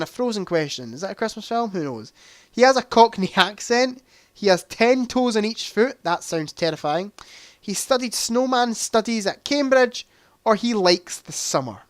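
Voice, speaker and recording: Smooth-voiced guy hosting a livestream. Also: high voice, fairly bright tone, no echo, clean studio sound. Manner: chatty, reads quiz options aloud, joking asides. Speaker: livestream host. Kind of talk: casual livestream quiz chat.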